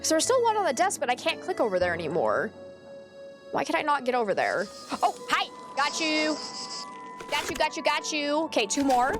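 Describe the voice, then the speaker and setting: A woman livestreaming a game and chatting casually, with growing exasperation and some casual swearing. Her voice is high and very lively, swooping up and down as she talks. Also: moderate pace, music in the background. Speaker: streamer. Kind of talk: casual gameplay commentary.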